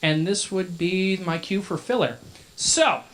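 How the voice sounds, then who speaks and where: Brief: male emcee, bright voice, chatty joking banter on a handheld mic. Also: high-pitched, expressive, a little slow, gravelly. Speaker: masquerade emcee. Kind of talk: live emcee storytelling. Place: convention event hall. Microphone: handheld microphone.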